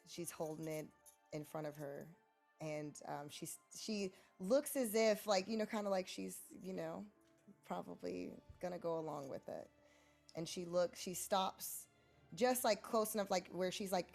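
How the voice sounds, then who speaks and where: A woman playing a tabletop role-playing game, describing her character's moves hesitantly and full of fillers. Her voice is lowish and gravelly with vocal fry, and faint music plays behind her. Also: a little mellow. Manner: hesitant, full of ums and likes. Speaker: player.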